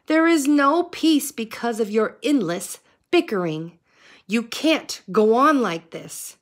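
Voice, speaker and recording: A woman voicing a stern old male toad in a read-aloud storybook, speaking slowly and scolding. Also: a little high, lively intonation.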